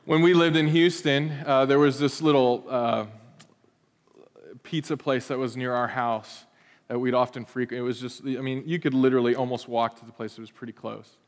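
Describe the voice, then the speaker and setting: A man in his thirties, a pastor preaching a sermon, telling stories in an animated, playful way with asides to the congregation. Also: medium pitch, normal speed, big-room sound.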